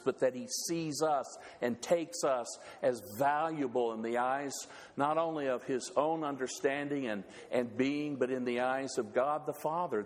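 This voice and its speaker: A man preaching a sermon in an earnest, halting way, often restarting his words. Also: mid-range voice. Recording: long reverb of a church hall.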